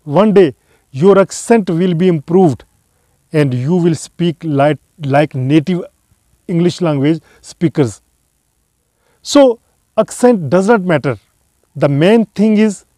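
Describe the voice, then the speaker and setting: A man giving a spoken English lesson to his viewers, offering slow, earnest advice and repeating key phrases. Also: high voice, warm tone, dry recording. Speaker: English teacher.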